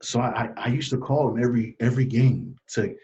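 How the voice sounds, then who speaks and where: A man telling stories from his life as a guest in a casual interview, earnest and animated, often laughing. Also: mid-range voice, fast. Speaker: podcast guest. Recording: dull lo-fi sound.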